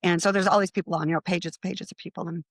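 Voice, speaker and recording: A woman, a psychic medium, chatting as an interview guest with a slightly gravelly voice, telling a long story. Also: fairly low pitch, fairly even intonation, fast, no echo. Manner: chatty, acts out other people's lines in quotes.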